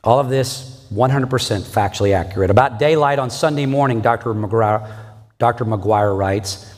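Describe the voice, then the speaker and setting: A man's voice: mid-range voice, moderate pace. Earnest preacher guy, rhetorical questions, big echoey church hall. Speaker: pastor. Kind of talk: sermon.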